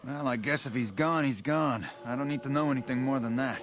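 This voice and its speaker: An actor playing a blunt, tough-talking mob underling who plots to take over. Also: male voice, mid-range voice, a little fast, a bit bright, slight background noise, natural voice. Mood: scheming. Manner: tough-guy, blunt, conspiratorial. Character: scheming male mob underling plotting a takeover. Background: game music.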